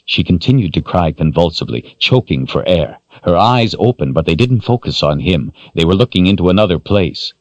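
Male audiobook narrator, very deep voice, lively expressive intonation, dry dull-sounding recording. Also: fairly quick, few pauses, no echo. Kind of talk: scripted narration.

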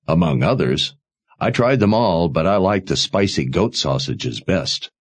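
A man's voice: low-pitched, animated, a little slow, no echo. A man voicing a friendly, concerned young wine seller who talks easily. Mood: kindly.

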